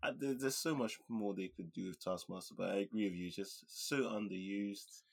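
A man's voice: on the low side, brisk, gravelly. A man co-hosting a casual film review chat, laughing often and acting out quotes. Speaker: podcast co-host.

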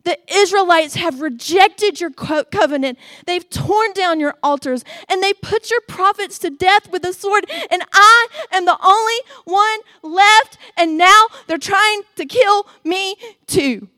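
A woman's voice: extremely high pitch, a little slow, hardly any pauses, pushed and bright, no room sound, clean studio sound, pitched above the performer's own voice, heavily acted. A woman preacher voicing the prophet Elijah, pouring out an anguished complaint. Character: Elijah, a frightened male prophet, despairing.

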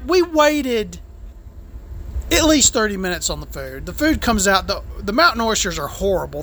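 Male food vlogger, high and bright, crude exasperated rant. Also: slight background noise. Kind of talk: profane ranting storytelling.

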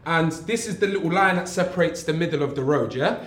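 A man's voice: a little high, fast. A young man, a guest animatedly telling a story in casual chat, full of slang and repeats. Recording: echoey room.

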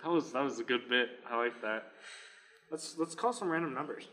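A man's voice: mid-range voice, very noisy. A young man co-hosting a podcast, joking around in loose comedy banter. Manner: loose, joking, quick to laugh. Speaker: podcast co-host. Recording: reverberant room.

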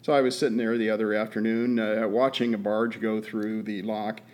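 A man's voice: lowish voice, little pitch movement, moderate pace, a little mellow. A man co-hosting a podcast, telling a story in a folksy, easygoing way with many fillers and restarts. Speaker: podcast co-host. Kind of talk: casual chat.

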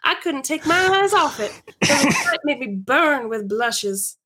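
A woman's voice: high-pitched, sing-song, unhurried, bright, forceful tone, voice pushed up, heavily acted. A woman reading as a prim Victorian girl. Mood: confiding. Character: prim Victorian young woman telling a secret.

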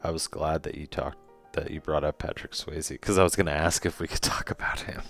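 A man with a very deep voice muses about a film in casual podcast chat. He talks hesitantly and thinks aloud, full of fillers. Faint music sits in the background. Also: fairly even intonation, fairly quick, vocal fry, fairly bright tone, no room sound. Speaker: podcast co-host. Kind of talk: casual movie discussion.

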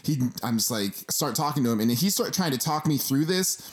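A man hosts a casual podcast and tells stories in a loose, easygoing way, swearing often. His voice sits at an ordinary middle pitch for a man. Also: expressive, a little fast. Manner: loose, profane storytelling with laughs. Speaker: podcast host.

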